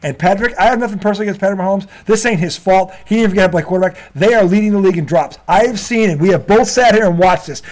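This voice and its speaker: A man's voice: sits high, darkish tone. A man hosting a sports talk show, ranting and swearing freely in a casual debate and laughing often. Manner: profane, ranting, quick to laugh.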